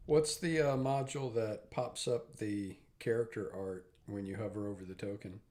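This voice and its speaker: A man's voice: on the low side, normal speed, a little mellow. A man playing a tabletop game, chatting in a teasing, conversational way. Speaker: player. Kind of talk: casual tabletop play.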